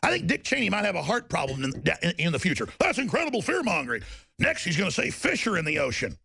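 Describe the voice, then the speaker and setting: A man's voice: high voice, huge pitch swings, fast, creaky, pushed and bright, husky, dry recording, studio quality. A man hosting a talk radio show, ranting in a mocking, sarcastic, heated monologue.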